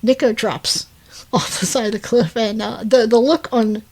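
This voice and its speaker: A woman's voice: a little high, measured pace, husky. A woman casually recapping a movie plot, rambling with fillers, self-corrections and laughing asides. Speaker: podcast co-host.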